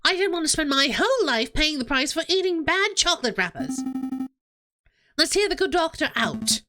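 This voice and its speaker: A woman voicing an excitable young male sparrow assistant in a game, with a squeaky, eager voice. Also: moderate pace, over music.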